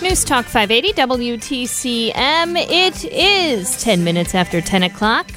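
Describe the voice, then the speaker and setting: A woman's voice: fairly high pitch, very animated, unhurried, sharp tone, soft background music. Bubbly woman co-hosting talk radio. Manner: bubbly, upbeat. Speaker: radio co-host. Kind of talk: casual radio chat.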